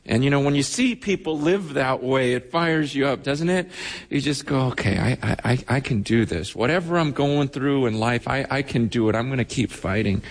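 A male pastor preaching a sermon through stories, fervent and halting, acting out the voices of the people he quotes. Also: medium pitch. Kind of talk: sermon storytelling. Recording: long hall reverb.

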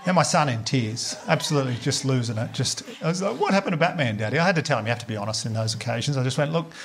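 A man in his thirties with an Australian accent, doing stand-up storytelling, lively and swearing, laughing through punchlines and acting out what people said. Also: medium pitch, rapid-fire, creaky. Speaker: stand-up comedian.

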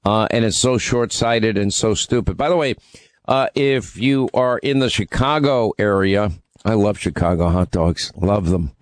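A man's voice: on the low side, measured pace, dry recording. Chatty male radio host with a dry sound. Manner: rambling, conversational, many fillers and restarts. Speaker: radio talk show host. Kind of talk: casual radio talk with live ad reads.

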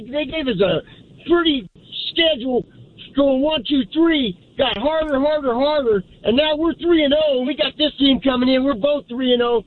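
A male caller who talks in a fired-up rush, ending nearly every line with "man". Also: very high voice. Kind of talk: fired-up fan call-in. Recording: tinny phone line.

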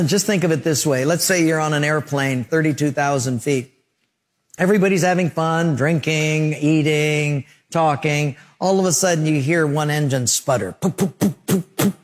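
A man preaching a sermon, telling stories with acted-out quotes and sound effects, slowing down hard on key phrases. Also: fairly high pitch. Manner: slows down for emphasis on key phrases.

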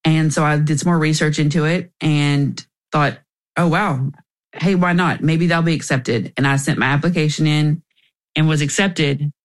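A woman's voice: low-pitched, fairly even intonation, normal speed. A young woman, a guest in an interview, telling her personal story candidly and emotionally, with restarts along the way.

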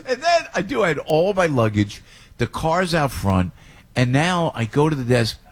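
A man's voice: fairly high pitch, sing-song, normal speed. A man hosting a morning radio talk show, telling stories animatedly and laughing often.

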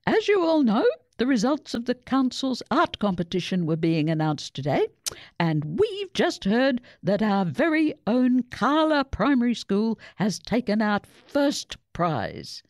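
A woman voicing a cheery male headmaster booming an announcement to the school in a story. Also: big pitch swings, unhurried, darkish tone, dry recording, studio quality.

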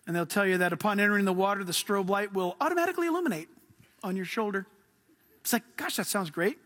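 A man preaching a sermon as pastor, telling stories in a lively way and laughing often. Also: sits high, quick pace.

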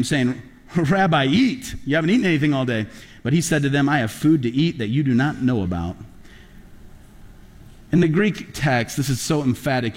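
A man preaching a sermon as a pastor, talking conversationally and rising to loud, emphatic peaks. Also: mid-range voice. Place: large church auditorium. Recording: long hall reverb.

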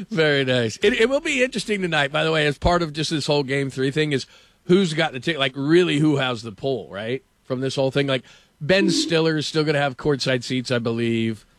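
A man's voice: on the high side, animated, a little fast, dry recording, clean studio sound. A man hosting sports talk radio, telling a story in a rambling, casual way, laughing often and filling with "like".

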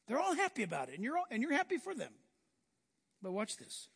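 Male preacher, animated sermon delivery, voice pitched very high, recorded with long hall reverb. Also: fairly quick, gravelly, slightly rough. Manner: animated, acts out biblical scenes in voices.

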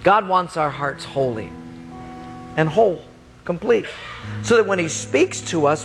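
A middle-aged man preaching a sermon, telling a personal story with animated delivery and sudden loud bursts. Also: high voice, unhurried, soft background music. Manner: animated, raises voice sharply for quoted speech. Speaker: pastor.

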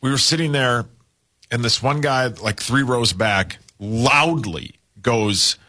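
A man's voice: medium pitch, takes it slowly, sharp tone. A man co-hosting a casual talk show, telling rambling, self-deprecating stories. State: caffeinated, talking fast. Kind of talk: casual morning-show banter.

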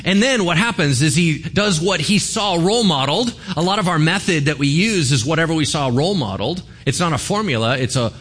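Animated preaching man. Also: on the high side, brisk, hardly any pauses. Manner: animated storytelling, acting out voices with laughs. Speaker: pastor. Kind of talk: sermon.

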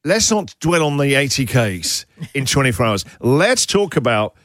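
Lively joking male radio host. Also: medium pitch, dry recording, studio quality. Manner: teasing, quick comic asides. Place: radio studio.

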